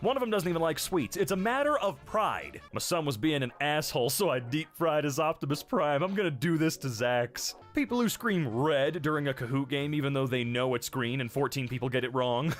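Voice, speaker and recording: Man, host, reading posts aloud, wry joking asides, animated pitch, faint music behind. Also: moderate pace. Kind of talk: reading and reacting to online posts.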